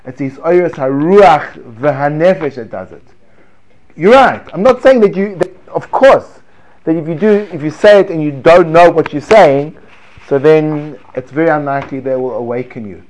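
A man leads a Torah class in a lively, animated way. His voice sits a little high for a man, and he drops from loud emphasis to near hushed tones. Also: moderate pace. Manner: animated, chants prayer words with swings from loud to hushed. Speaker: Torah teacher.

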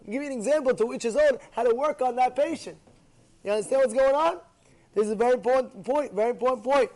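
A man teaching a Torah class, talking in an animated way, repeating phrases for emphasis and acting out the people in his examples, with Hebrew and Yiddish words mixed in. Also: very high-pitched, quick pace.

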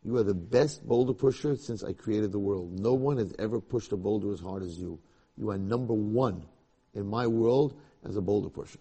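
A man doing God, calm and low. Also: normal speed, slight background noise, natural voice. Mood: reassuring. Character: calm male God, patient and reassuring.

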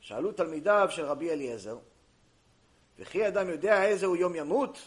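Guy with a highish voice giving a torah class, animated, plays out both sides of conversations. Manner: animated, acts out dialogues, reads Hebrew quickly. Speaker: Torah teacher. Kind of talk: mussar lecture.

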